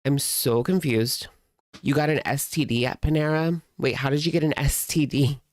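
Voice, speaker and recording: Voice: mid-range voice, fairly even intonation, normal speed, no echo, studio quality. A commentary host in casual chat, sarcastic and exasperated, reacting to clips.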